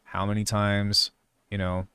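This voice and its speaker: Man, 30s, soft-spoken, low, smooth voice, dry close sound. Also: completely flat delivery, no echo. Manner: soft-spoken, quiet, measured. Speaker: podcast co-host and martial arts instructor. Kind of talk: casual podcast chat.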